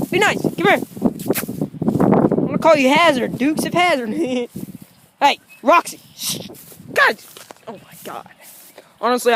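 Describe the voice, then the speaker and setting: Over heavy background noise, a woman with a fairly high voice vlogs casually from her yard at home. She talks to her dogs bluntly and profanely, scolding them in a playful way.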